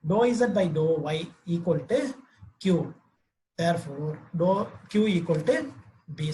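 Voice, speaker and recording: A man's voice: high voice, slight background noise, low-quality recording. Hesitant man lecturing on math. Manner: reads definitions slowly, with hesitant fillers.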